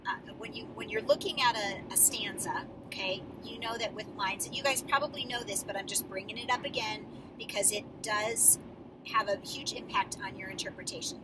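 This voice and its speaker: A drama coach talks her students through their scenes, encouraging them and explaining at length. Her voice sits at an ordinary middle pitch and comes from some distance off the mic. Steady traffic noise runs underneath. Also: moderate pace. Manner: encouraging, explanatory, with many fillers. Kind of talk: acting feedback for students.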